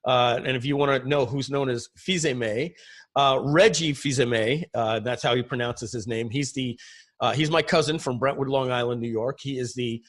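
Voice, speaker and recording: A man's voice: mid-range voice, steady tone, normal speed, fairly bright tone. A middle-aged man whose first language is French, presenting on a webinar over a video call in a chatty storytelling way with many fillers. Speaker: guest presenter.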